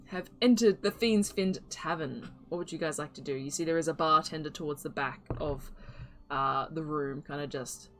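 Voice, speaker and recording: Low-voiced woman running a tabletop game. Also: moderate pace. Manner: loose, rambling description with many fillers. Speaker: game master.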